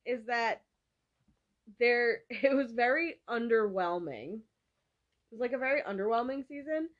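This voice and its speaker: A woman's voice: on the high side, expressive, a little slow. Teasing young woman co-host. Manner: laughing, teasing, dry put-downs. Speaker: podcast co-host. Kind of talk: casual chat. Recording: dull lo-fi sound.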